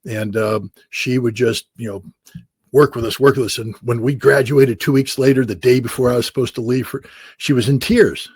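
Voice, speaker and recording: Man, from the United States, interview guest, wry storyteller, husky voice, dry close sound. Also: medium pitch, fairly even intonation, moderate pace, dry recording. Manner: wry, self-deprecating, laughs often. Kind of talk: anecdotal storytelling.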